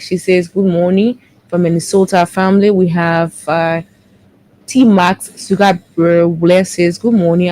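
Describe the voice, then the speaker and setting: A woman, co-hosting a morning show and briskly reading out viewer comments, correcting herself as she goes. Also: on the low side, darkish tone, a little hiss or hum, rough recording. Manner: brisk, with quick self-corrections.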